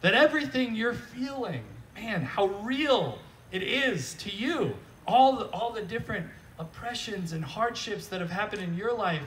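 A high-pitched, bright-toned man preaching at an outdoor service with an animated, joking, conversational manner. His pitch swings widely as he talks. He sounds set back from the mic, with faint noise behind him. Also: a little slow, few pauses, distant mic, rough recording. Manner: animated, joking, repeats "right?". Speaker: pastor. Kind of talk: conversational sermon.

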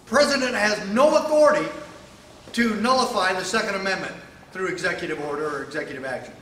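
Emphatic male speaker, highish and forceful, rhetorical and fiery, hall echo. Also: fast, far from the mic, slight background noise. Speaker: speaker at a sheriffs' event. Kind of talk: political speech. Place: event hall with audience. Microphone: microphone, sometimes stepping away. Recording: echoey hall.

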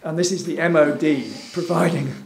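A man's voice: on the high side, fairly even intonation, normal speed, vocal fry, darkish tone. Wry, hesitant man in an echoey room. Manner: hesitant, many fillers, wry and chuckling. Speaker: invited speaker. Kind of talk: informal public talk over slides. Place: gallery event room. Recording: echoey room with faint background hum.

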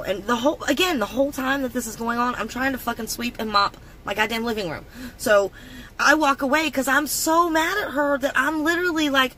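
A woman vents a long storytime from the driver's seat, swearing freely and sounding thoroughly fed up. Her voice sits a bit high and comes across bright and sharp. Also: a little fast, a little hiss or hum, low-quality recording. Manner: profane, exasperated ranting. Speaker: vlogger. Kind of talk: casual venting storytime. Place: in a car.

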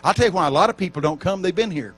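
A man preaching at a church camp meeting, telling stories with lively acted-out voices and shouting for emphasis. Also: high-pitched, rapid-fire. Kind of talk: storytelling sermon.

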